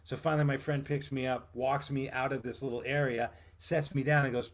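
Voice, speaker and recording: Animated New man telling a story. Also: medium pitch, brisk. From Vermont, USA. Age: 50s. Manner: animated, acts out what others said. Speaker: guest actor and writer. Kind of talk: storytelling in a casual interview.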